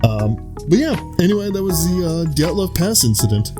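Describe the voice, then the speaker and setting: A man's voice: fairly high pitch, big pitch swings, moderate pace, music in the background. A young man co-hosting a podcast, chatting casually, rambling and swearing, breaking into silly impressions now and then. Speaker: podcast co-host. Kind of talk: casual chat.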